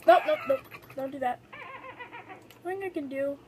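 A young woman giving excitable, giggly let's-play commentary on a game, chatting to her viewers as she plays. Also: high voice, normal speed, slight background noise. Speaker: gaming video host.

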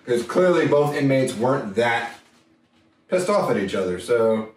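A man's voice: medium pitch, sing-song, measured pace. Wry man co-hosting, roomy distant sound. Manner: dry, wry banter with stammered restarts. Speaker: podcast co-host. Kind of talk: casual chat. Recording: roomy, distant mic with faint noise.

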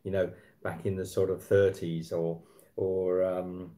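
A man's voice: sits low, flat delivery, unhurried, mellow. A man, hosting a casual live stream from his apartment and chatting with viewers, rambling with fillers and restarts. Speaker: livestream host. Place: apartment at night.

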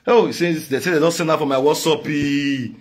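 A man with a Nigerian Pidgin accent, delivering a loud comic rant in chanted, repetitive call-outs. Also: on the high side, steady tone, fairly quick, husky. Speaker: online comedian. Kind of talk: singing and shouting comic rant.

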